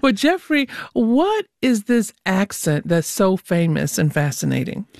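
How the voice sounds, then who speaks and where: A woman's voice: mid-range voice, big pitch swings, measured pace, vocal fry, a little mellow, no room sound. A woman hosting a public radio interview show in a studio, teasing her guests in a playful way.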